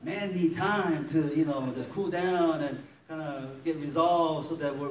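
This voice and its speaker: A middle-aged pastor with a slightly high voice tells a personal story during a sermon in a church hall, at a moderate pace with few pauses. He chuckles often and acts out the voices of the people in it, recorded from a distance in an echoey hall.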